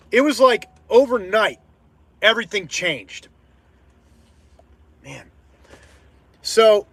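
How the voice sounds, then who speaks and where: A man hosting his own show, telling a personal story in a casual, animated way and swearing freely as it heats up. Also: high voice, no echo. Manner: animated, swears freely, swings from quiet to heated. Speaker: podcast host.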